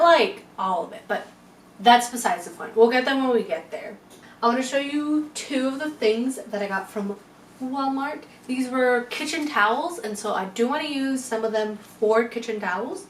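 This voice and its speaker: A woman's voice: on the high side, moderate pace, recorded from a distance, slight background noise. A woman chatting casually to camera as a lifestyle vlogger, rambling with playful asides. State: out of breath. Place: room at home. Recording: echoey room from afar with faint music.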